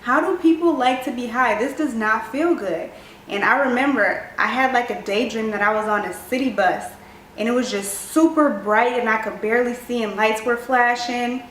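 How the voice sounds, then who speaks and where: Young woman vlogger, lively storyteller, slightly high, roomy echo from an off-camera mic. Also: normal speed, distant mic, slight background noise. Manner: animated storytelling, acts out quoted voices. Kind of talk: storytime vlog.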